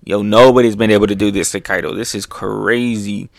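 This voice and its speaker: A young man excitedly reacting to a comic chapter, laughing often and making sound effects. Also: on the low side, brisk, gravelly, dry recording, clean studio sound.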